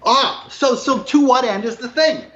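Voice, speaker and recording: A man in casual conversation from his apartment, talking emphatically, swinging between low mutters and raised, swearing outbursts. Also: measured pace, a crowd in the background. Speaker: guest. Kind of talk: casual video call conversation. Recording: roomy, dull lo-fi sound.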